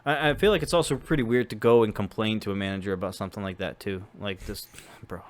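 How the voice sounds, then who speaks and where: A man's voice: lowish voice, fairly even intonation, quick pace. A young man co-hosting a casual podcast chat, rambling and jokey, with lots of "like" fillers. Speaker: podcast co-host.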